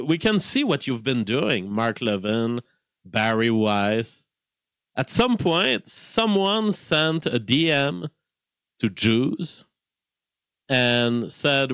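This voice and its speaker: A man's voice: medium pitch, sing-song, slow, a bit bright, dry recording, studio quality. A man commentating casually on a live stream, reacting to clips in a rambling, heated way and repeating his points.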